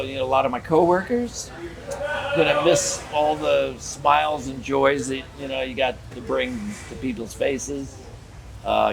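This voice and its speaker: His voice is medium-pitched and creaky. He's an older theme park character performer in a laid-back interview, telling stories and performing the lines of dialogue with lively energy.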